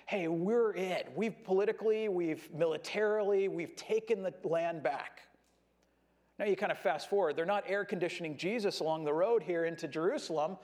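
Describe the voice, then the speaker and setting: A man with a high, light voice delivers a sermon in a loose, conversational way. He keeps acting out the shouts of a crowd and jumps up in pitch when he does. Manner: conversational, animated preaching with voiced crowd quotes. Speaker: pastor.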